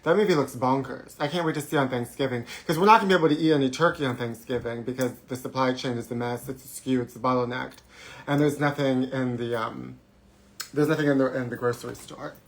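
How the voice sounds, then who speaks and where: A man's voice: mid-range voice, steady tone, fast talker, vocal fry. Campy gossiping man hosting live. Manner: theatrical, gossipy, jumps between topics. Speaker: host of a live trash-talk show. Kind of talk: campy live-stream monologue. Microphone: forgot to put on his microphone.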